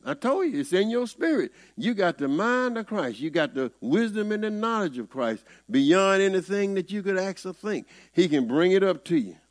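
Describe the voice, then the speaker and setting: A man's voice: high voice, very animated, moderate pace, hardly any pauses. A man with a Southern US accent, preaching a conversational sermon in a folksy, rising-and-falling way.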